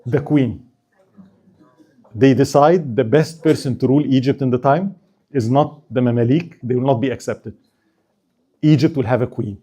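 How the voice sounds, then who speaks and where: A man giving a storytelling history lecture at a mosque, asking animated rhetorical questions and acting out the people in the story. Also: medium pitch, moderate pace, pauses often, husky.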